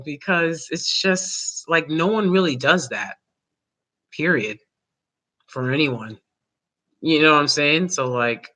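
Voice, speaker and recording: A woman hosting a vlog, giving casual opinion commentary in a rambling way, full of fillers and quick laughs. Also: low-pitched, bright, forceful tone. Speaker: vlog host.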